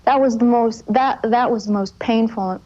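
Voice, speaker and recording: A woman giving an interview and recalling events earnestly, halting and restarting often. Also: on the high side, mellow. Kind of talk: emotional recollection in a TV interview. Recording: dull lo-fi 1980s TV audio.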